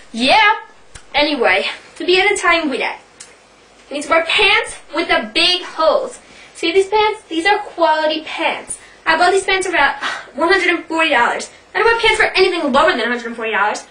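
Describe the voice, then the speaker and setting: A woman's voice: very high-pitched, sharp tone, recorded from a distance, low-quality recording. A young woman in her twenties with a New York accent, doing a brash, profane, mock-boastful parody tutorial for her vlog. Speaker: vlogger.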